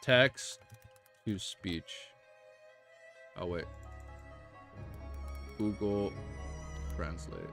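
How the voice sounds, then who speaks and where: An American man streaming, who reads a novel aloud and breaks off for laid-back, excitable chat full of slang. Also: low voice, extremely slow, long pauses, faint music behind. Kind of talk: reading a novel aloud on a livestream, casual chat.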